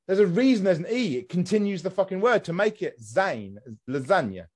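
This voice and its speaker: A man hosting a podcast in an easy, chatty way. His voice sits a little high for a man, and he swears freely as he rants with comic exasperation. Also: very animated, brisk, darkish tone. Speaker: podcast host. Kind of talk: casual podcast chat.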